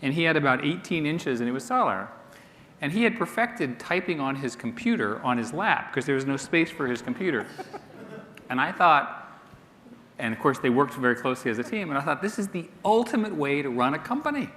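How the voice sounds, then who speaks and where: A man speaks on a panel with a dry, teasing manner. His voice sits at an average pitch. It rings in a large, echoey hall over a faint hiss. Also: animated, a little fast, pushed and bright. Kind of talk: casual anecdote.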